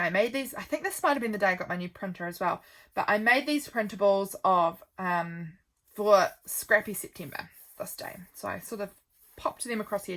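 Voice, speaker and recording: A woman's voice: mid-range voice, a bit bright. A woman, casually chatting and rambling as she flips through her calendar, with lots of ums. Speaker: vlogger.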